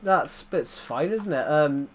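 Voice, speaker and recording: A streamer chats away over his game, wandering from one story to the next and chuckling at his own punchlines. His voice sits a touch higher than most men's. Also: lively intonation, slow pace, a little hiss or hum. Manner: rambling anecdotes, laughs at his own jokes. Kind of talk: casual chat while streaming.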